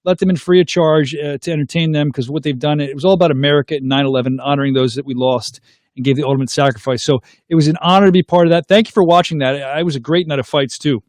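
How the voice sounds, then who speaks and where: A man's voice: fairly high pitch, quick pace, dry recording, clean studio sound. A man in his thirties hosting a live talk show, animatedly telling a personal story and reading viewer comments. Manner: animated, acts out dialogue in his anecdotes; reads viewer comments aloud. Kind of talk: casual livestream storytelling.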